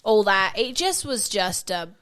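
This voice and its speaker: Smooth-voiced Australian woman telling stories. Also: mid-range voice, a little slow. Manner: lively storytelling, swears freely. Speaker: podcast co-host. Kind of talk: casual chat.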